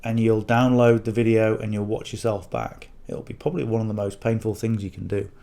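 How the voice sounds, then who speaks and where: His voice sits on the low side, level and mellow with vocal fry, and he speaks briskly. A middle-aged affiliate marketing coach with a northern English accent, he rambles casually to camera, punctuating with "okay?" and "you know."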